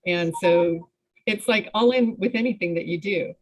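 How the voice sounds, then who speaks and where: A woman taking part in a fitness challenge, chatting on a video call in a gushing, halting way with many restarts. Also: lowish voice, poor audio. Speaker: challenge participant. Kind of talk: casual chat on a video call.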